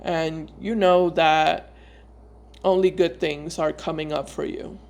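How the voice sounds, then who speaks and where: A woman giving a casual tarot reading to her viewers. She talks in a loose, searching way, often pausing and repeating words before going on. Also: low voice, steady tone, darkish tone, a little hiss or hum. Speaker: tarot reader.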